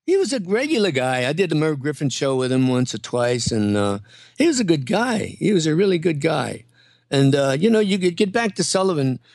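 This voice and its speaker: Older man telling lively anecdotes. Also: fairly high pitch, fairly quick, dry recording. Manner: lively storyteller who slips into voices. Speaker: guest comedian and impressionist.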